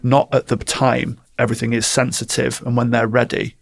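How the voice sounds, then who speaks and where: Male coach, gravelly voice, mid-pitched, animated storyteller for a casual interview. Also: normal speed. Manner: animated storytelling, acts out quotes. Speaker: guest, performance coach.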